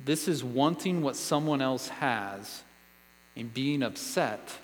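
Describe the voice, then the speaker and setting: A man's voice: medium pitch, animated, slow pace, long reverb tail, poor audio. A man preaching a sermon as a pastor, earnest and conversational, asking the listeners one question after another.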